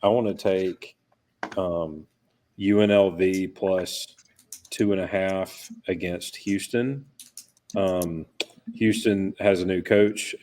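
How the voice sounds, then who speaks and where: A man with a very deep voice laying out a betting pick on a podcast. He reasons things through steadily and plainly. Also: darkish tone. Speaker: podcast panelist. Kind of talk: casual sports betting chat.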